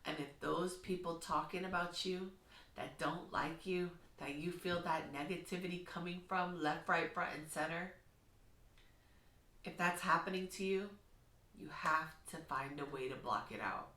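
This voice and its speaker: Earnest teacher lady with a bright voice, pep talk vlog, roomy echo. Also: on the low side, measured pace, recorded from a distance. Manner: earnest, encouraging, gently instructive. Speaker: kindergarten teacher. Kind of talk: heartfelt talking-to-camera vlog.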